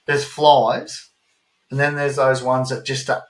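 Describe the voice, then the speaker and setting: Australian male podcast co-host with a mid-range voice, animated casual storyteller, recorded in an echoey room. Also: medium pitch, unhurried. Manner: animated storytelling, swears freely. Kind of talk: casual chat. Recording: roomy echo.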